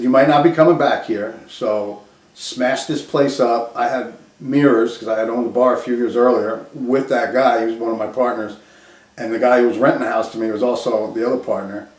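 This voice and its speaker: A man telling a personal story in casual first person, rambling with many restarts and acted-out quotes. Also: mid-range voice. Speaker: storyteller recounting a personal crisis. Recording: roomy echo, voice from a distance.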